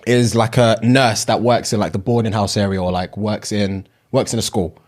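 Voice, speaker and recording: A young man, co-hosting a podcast in casual chat, relaxed and chiming in with short agreements and laughs. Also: fairly low pitch, moderate pace. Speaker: podcast co-host.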